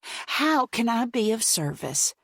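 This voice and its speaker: A woman's voice: high voice, very slow, no room sound, studio quality, voice pushed up. A woman voicing a pushy middle-aged pageant woman with a heavy Texas accent, speaking in a drawling, sugary, forced way. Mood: falsely sweet.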